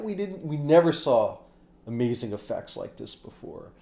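A man co-hosting a casual movie chat, telling stories with animated, acted-out reactions. His voice sits in the middle range and carries a roomy echo. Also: mid-range voice, moderate pace, creaky. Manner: animated storyteller, acts out reactions loudly. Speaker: podcast co-host.

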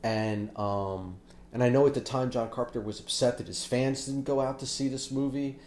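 A man chatting casually about movies as a podcast co-host, telling stories with lively acted-out reactions. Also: medium pitch, normal speed. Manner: animated storyteller, acts out reactions loudly. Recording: roomy echo.

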